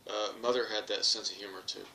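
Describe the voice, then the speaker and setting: Man from Texas, low and tense-edged voice, rambling vlog monologue full of restarts and chuckles. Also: steady tone, fast, bright, forceful tone, far from the mic, slight background noise. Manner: rambling, repeats words and restarts often, chuckles at own jokes. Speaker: author and channel host. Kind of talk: casual monologue to camera. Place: home in England.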